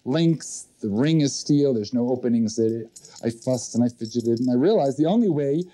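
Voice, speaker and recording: A man's voice: medium pitch, animated, normal speed, dark tone. A man leading a motivational seminar, telling a personal story in an earnest way and speaking directly to a live audience. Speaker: seminar leader.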